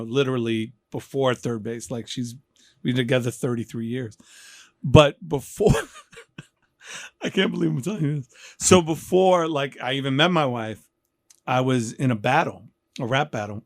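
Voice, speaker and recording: A man in his fifties from New York, hosting a casual interview and telling animated, joking stories. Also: mid-range voice, normal speed, dry recording, studio quality. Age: 50s. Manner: animated, joking storyteller who acts out quotes. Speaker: podcast host.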